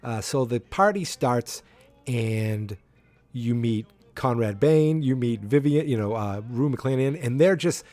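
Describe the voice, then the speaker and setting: A man hosting a podcast who recaps an episode in a loose, rambling way. He keeps stopping to restart his sentences and reaches for fillers again and again. His voice sits at an ordinary middle pitch. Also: unhurried, darkish tone, dry recording. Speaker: podcast host.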